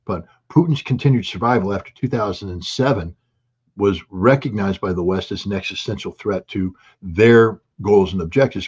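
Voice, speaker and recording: Husky man, forceful political commentary. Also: lowish voice, lo-fi sound. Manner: forceful, sarcastic, quotes leaders in mock voices. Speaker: guest analyst.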